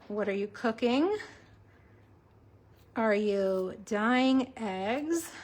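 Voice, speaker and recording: A woman in her forties hosting a casual card-making livestream, chatting to viewers as she works. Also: a little high. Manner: chatty, talks to viewers while crafting.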